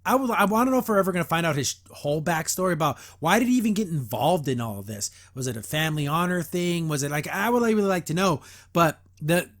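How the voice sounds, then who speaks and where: A man's voice: fairly high pitch, lively intonation, quick pace, hardly any pauses, a bit bright. A man hosting a podcast, casually recapping and reviewing a cartoon episode, rambling with lots of fillers and restarts. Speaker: podcast host.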